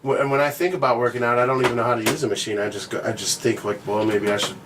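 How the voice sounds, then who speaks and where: A man's voice: medium pitch, very fast. A man co-hosting a podcast in casual chat, laid-back, swearing often and laughing as he talks. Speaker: podcast co-host. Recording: distant mic with faint noise.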